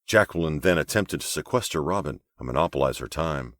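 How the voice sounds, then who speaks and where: A man with a deep, low voice narrates a novel, his pitch moving expressively through each sentence. The sound is dry and close, with no room around it. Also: a little fast, hardly any pauses, no echo. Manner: expressive storytelling. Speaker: audiobook narrator. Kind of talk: scripted narration.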